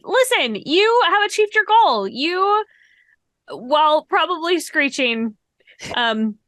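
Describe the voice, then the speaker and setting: A woman's voice: very high-pitched, big pitch swings, fairly bright tone, dry recording. A woman game master narrating a tabletop game with amusement, often laughing and stretching her words. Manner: amused, giggly, drawn-out storytelling.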